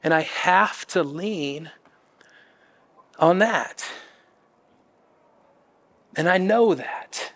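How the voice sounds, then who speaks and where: A man's voice: high-pitched, extremely slow, pauses often, a bit bright. A middle-aged man preaching a sermon as a pastor, earnest and conversational, often restarting his phrases.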